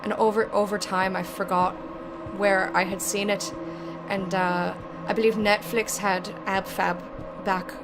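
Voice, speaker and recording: A woman gameplay streamer comments casually as she plays, her medium-pitched voice flat and measured over game music and background noise. She's playful and sweary, laughing often.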